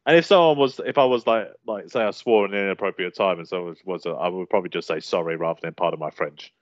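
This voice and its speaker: A man's voice: low voice, fast talker, no room sound. A man hosting a casual podcast chat, reading through a list and laughing often. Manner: laughs often, lively banter. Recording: dull lo-fi sound, dry.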